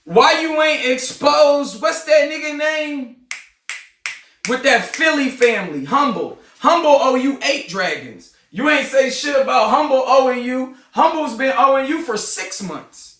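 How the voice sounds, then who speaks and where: A man in a heated, confrontational livestream rant, often shouting. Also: extremely high pitch, lively intonation, a little slow, distant mic, slight background noise. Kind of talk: ranting livestream monologue. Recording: roomy, off-mic sound.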